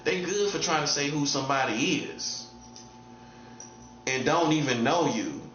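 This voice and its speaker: Guy preaching off the cuff, fairly high voice, keeps asking rhetorical questions, roomy muffled sound w faint hum. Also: expressive, a little slow, a bit bright. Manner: repetitive, drives points home with rhetorical questions. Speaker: self-styled prophet. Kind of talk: casual preaching monologue.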